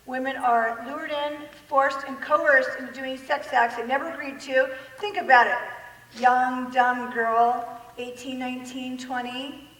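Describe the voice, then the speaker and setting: A woman giving an animated public talk, laughing often and acting out the people she quotes. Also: sits high, unhurried. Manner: lively, laughing, quotes people in acted voices. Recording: echoey hall from far off.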